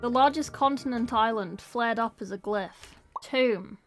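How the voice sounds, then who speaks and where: A woman's voice: on the high side, normal speed, faint music behind. Playful woman reading a book aloud. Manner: playful, chatty asides. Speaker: book reader. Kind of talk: casual audiobook reading.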